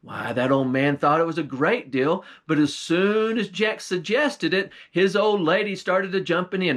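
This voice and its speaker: A man's voice: high-pitched, normal speed, few pauses, a bit bright. A man telling a folktale in a folksy, old-time way. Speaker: storyteller. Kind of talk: folktale storytelling.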